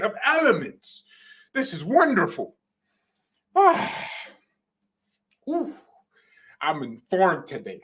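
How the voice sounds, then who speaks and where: A man hosting a football fan channel, talking in an excited, joking way and sometimes shouting. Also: high voice. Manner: hyped and joking, shouting at times. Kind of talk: excited casual commentary.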